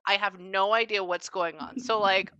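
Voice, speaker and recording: Woman medium, casual reading, quick animated talk, bright forceful tone, dry close sound. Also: mid-range voice, clear, resonant tone, no echo, lo-fi sound. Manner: fast-talking, animated, quotes spirits in raised voice. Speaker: psychic medium.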